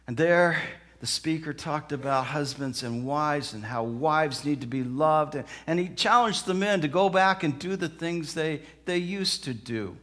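A male preacher with a high, bright voice delivers a sermon at an unhurried pace. He tells stories and acts out their characters, moving from hushed, drawn-out lines to loud, emphatic ones. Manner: dramatic, acts out quoted voices, swings from soft to loud. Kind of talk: sermon with storytelling.

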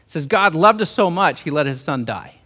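A man's voice: a little high, lively intonation, fairly quick, bright, forceful tone, husky. A man, a pastor and theologian, preaching an emotional storytelling sermon, often stumbling into repeated words.

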